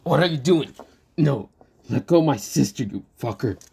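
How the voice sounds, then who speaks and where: A man voicing a defeated male villain who shouts curses in rage. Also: medium pitch, quick pace, husky, natural voice. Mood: furious. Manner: shouting and cursing.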